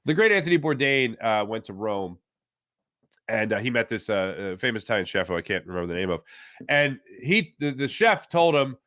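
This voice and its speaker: A man's voice: on the low side, sing-song, a little fast, a bit bright. A man hosting a casual live sports chat, reading viewer comments and ranting playfully with lots of ums and uhs. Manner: playful, opinionated rants with frequent fillers.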